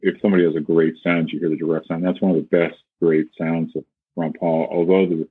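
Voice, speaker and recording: Over tinny, phone-like call audio, a male flute teacher casually explains breathing, demonstrating with sung syllables and quoted voices. He talks fast in a deep, flat voice with a breathy edge and no echo.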